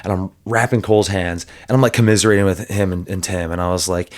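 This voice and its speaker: A man who coaches fighters, co-hosting a podcast and telling a story with animated energy and frequent laughter. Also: sits low, quick pace, few pauses. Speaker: MMA coach and podcast co-host. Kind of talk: casual podcast chat.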